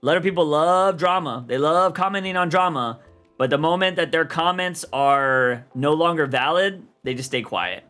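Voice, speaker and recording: Young guy streaming, chatty and slangy, high bright voice, bit of music behind. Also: moderate pace. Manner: loose, animated, slangy rambling. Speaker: streamer and comic podcast host. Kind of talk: casual livestream chat.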